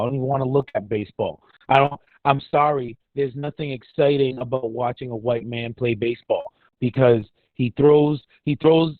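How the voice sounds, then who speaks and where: A man's voice: mid-range voice, no room sound. A man, from a Dominican family, delivering a heated, profane, sarcastic sports rant as a podcast co-host. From Dominican heritage. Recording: dry, tinny phone-like line.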